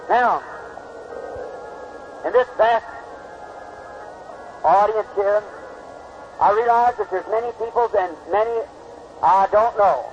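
High-voiced man preaching on an old tape. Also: slow pace, long pauses. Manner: fervent, dramatic, acts out voices in the story. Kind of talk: sermon with storytelling and prayer. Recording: dull lo-fi old sermon tape with faint hiss.

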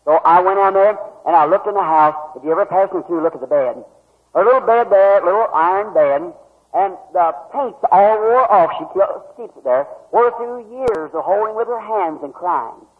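A man's voice: sits high, lively intonation, normal speed, husky. A male preacher, telling a folksy story in a sermon with rural turns of phrase. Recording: tinny old lo-fi tape in a hall.

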